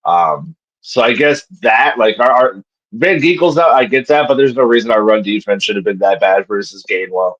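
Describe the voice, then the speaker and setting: A man co-hosting a football podcast, calmly going over what went wrong in a game. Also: on the low side, moderate pace, muffled recording. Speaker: podcast co-host. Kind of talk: casual sports podcast chat.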